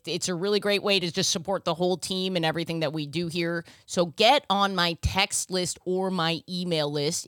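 A woman hosting a casual comedy podcast, quick and brash in her joking banter, with loud bursts of laughter. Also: lowish voice, no room sound, studio quality. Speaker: podcast host.

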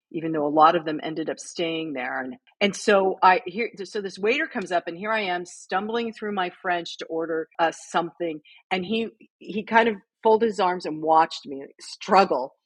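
Husky low-voiced woman telling travel stories. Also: dry recording. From United States. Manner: animated storyteller, acts out quotes. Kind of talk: casual chat.

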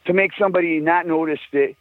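Talking fast in a slightly high voice, an older man who's a musician tells meandering, foul-mouthed stories as a casual guest, laughing frequently. The sound is a tinny phone line, dry, with no room sound.

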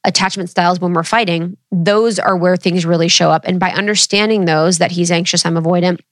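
A woman's voice: on the low side, fairly even intonation, a little fast, dry recording, clean studio sound. A woman in her thirties chatting candidly with her viewers, casual and swearing freely. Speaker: vlogger.

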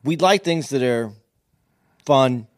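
Calm guy on a podcast, mid voice, dry close mic, keeps pushing back. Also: mid-range voice, no room sound. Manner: measured, calmly pushes back. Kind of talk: casual chat.

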